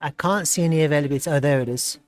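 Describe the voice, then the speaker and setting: A man hosting a live stream, chatting casually and reacting with excitement and frequent laughter as he browses. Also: on the high side, rapid-fire, no echo. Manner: excitable, laughs often, thinks aloud while browsing. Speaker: livestream host.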